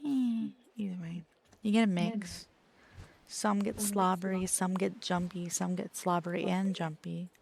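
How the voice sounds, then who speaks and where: Gravelly-voiced woman streamer chatting. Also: on the low side, fairly even intonation, a little slow, a little mellow, slight background noise. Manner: chatty, laughs often, swears casually. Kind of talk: casual live-stream chat.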